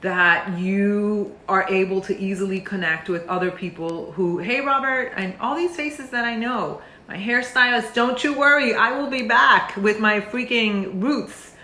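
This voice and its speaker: A woman's voice: medium pitch, unhurried, few pauses, bright, forceful tone. Earnest woman speaking in a roomy space. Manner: earnest and emotional, with many fillers and restarts. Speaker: meditation teacher. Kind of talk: heartfelt talk to camera. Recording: roomy echo.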